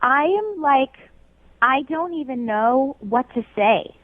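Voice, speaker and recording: A woman's voice: high voice, animated, takes it slowly, dry recording. A woman on the phone line of a radio show, flustered and apologetic, stammering. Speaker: caller on the other line. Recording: dry tinny phone line.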